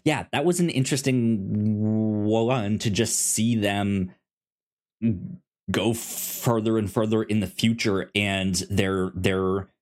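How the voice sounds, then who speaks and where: Slow, low-voiced man podcast co-host. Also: steady tone. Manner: halting, many fillers and restarts. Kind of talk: casual discussion.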